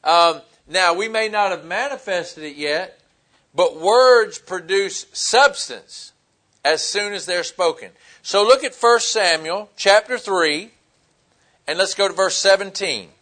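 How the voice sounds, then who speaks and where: Male pastor, high voice, casual sermon delivery with filler words. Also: takes it slowly, sharp tone. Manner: conversational preaching with fillers, acting out Bible dialogue.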